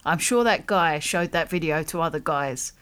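A woman hosting a podcast, chatty and quick to laugh, at times dropping her voice to a hush. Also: deep voice, clear, resonant tone. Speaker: podcast host. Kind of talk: casual podcast interview.

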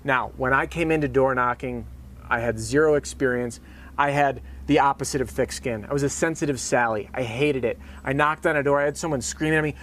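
A man hosting a sales training show, giving an energetic, casual motivational talk. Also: mid-range voice, quick pace.

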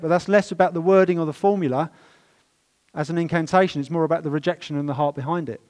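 Emphatic preacher, man. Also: on the high side. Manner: storytelling, emphatic preaching with swings in loudness. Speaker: pastor. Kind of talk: sermon. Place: church.

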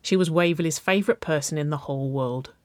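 A woman narrating a children's-style story, reading aloud with a gentle, even delivery. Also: low-pitched, fast talker, no room sound.

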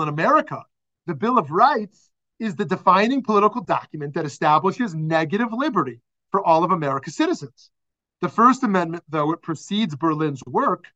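A man's voice: high voice, pushed and bright, highs cut off. A man teaching a class as a rabbi over a video call, thoughtful and searching, with frequent restarts and fillers.

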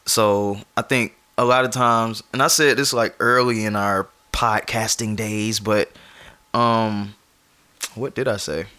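A man's voice: lowish voice, fairly even intonation, takes it slowly, sharp tone, smooth. Laid-back joking male podcast co-host. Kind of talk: casual chat.

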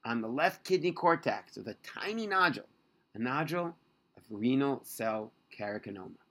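A man voicing a calm, kindly male surgeon who explains things in a measured, reassuring way, in a storybook reading. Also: mid-range voice.

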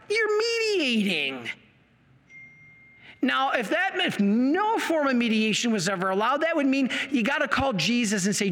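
Lecturer, man, passionate and fired up, bright high voice, long hall echo. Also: sing-song, a little slow. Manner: passionate, gets worked up. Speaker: Catholic apologetics speaker. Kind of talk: apologetics lecture with slides.

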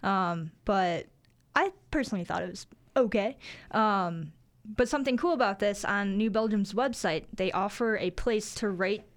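A woman's voice: medium pitch, normal speed. A young woman, a reporter on a college radio show, chatting casually in the studio with many fillers.

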